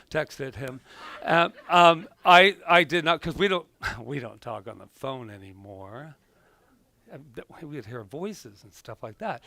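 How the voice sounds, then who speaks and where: Conversational male minister, higher voice. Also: fairly bright tone, dry recording. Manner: conversational storytelling, self-correcting. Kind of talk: sermon. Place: church sanctuary.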